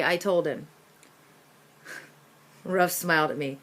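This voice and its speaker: A woman reading a children's chapter book aloud, narrating in the first person with expressive delivery. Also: medium pitch, normal speed. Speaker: storyteller.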